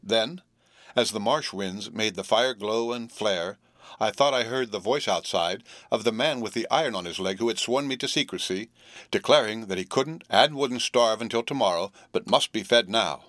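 Low-voiced male audiobook narrator. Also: normal speed, fairly bright tone, dry recording, clean studio sound. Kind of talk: scripted narration of a classic novel.

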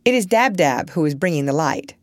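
A woman's voice: low voice, expressive, a little fast, dry recording, clean studio sound. A woman voicing a kind, bustling little man, a country doctor who talks in cheery, eager exclamations. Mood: matter-of-fact.

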